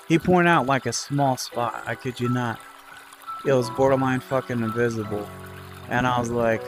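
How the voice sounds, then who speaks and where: A man's voice: mid-range voice, flat delivery, fairly quick, music in the background. A man telling a story about his job in a casual, rambling way, full of fillers and swearing. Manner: rambling, frequent fillers and profanity. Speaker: vlogger recounting a work dispute.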